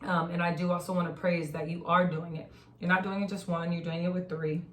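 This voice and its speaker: A woman's voice: lowish voice, level tone, fairly quick, a bit bright. Woman host in her thirties, chatty storyteller, recorded off-mic in an echoey room. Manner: chatty, laughing, acts out quotes. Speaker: podcast host. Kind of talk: casual chat. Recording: echoey room, distant mic, faint noise.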